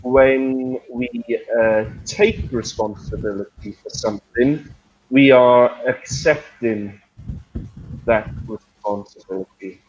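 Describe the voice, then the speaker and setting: Man, English teacher, slow steady pace, muffled lo-fi recording. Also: mid-range voice, husky. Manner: joking, checks understanding with "yes?". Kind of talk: friendly lesson explanation.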